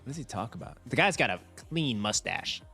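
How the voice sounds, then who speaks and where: A man's voice: medium pitch, fairly quick, creaky, husky, faint music behind. A young man hosting a finance livestream, chatting casually with his viewers and laughing often. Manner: animated, chatty, talks to chat, laughs often.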